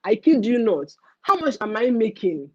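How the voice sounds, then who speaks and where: A young woman with a Nigerian accent hosting a casual livestream rant, animated and mixing in pidgin phrases. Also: fairly high pitch, moderate pace, dry recording, dull audio. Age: young adult. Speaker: livestream host.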